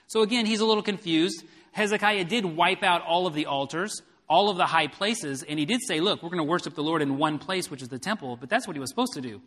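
A man's voice: a little high, fast, hardly any pauses, fairly bright tone. A man preaching a sermon, explaining a Bible passage verse by verse and retelling it in everyday words. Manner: expository Bible preaching with paraphrase. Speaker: pastor. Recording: long hall reverb.

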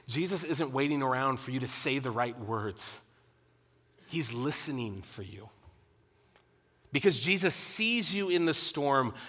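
A man preaching a sermon to his congregation, animated at times and dropping to a quiet intensity at others. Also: fairly high pitch, in a large hall. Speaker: pastor.

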